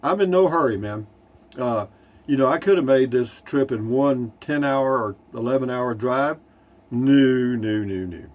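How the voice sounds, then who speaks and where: A man's voice: mid-range voice, moderate pace, lo-fi sound. Folksy older Texan man. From Texas. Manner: folksy, rambling, dry humor. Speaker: RV vlogger. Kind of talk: casual chat reading viewer comments. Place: inside a Class C motorhome.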